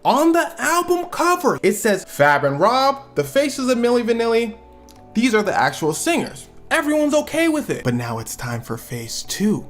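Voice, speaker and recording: A man's voice: high voice, sing-song, normal speed, faint music behind. An American man telling a story with comedy, using slang and acting out quoted people in different voices. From United States. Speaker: YouTube storyteller and reviewer.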